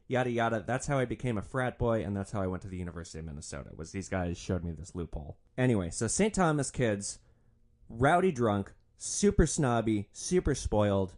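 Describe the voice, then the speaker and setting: A man's voice: lowish voice, lively intonation, fairly quick, darkish tone. A young man hosting a podcast, telling comedic stories in a sardonic, profane way. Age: young adult. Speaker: podcast host, former rideshare driver. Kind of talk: comedic storytelling monologue.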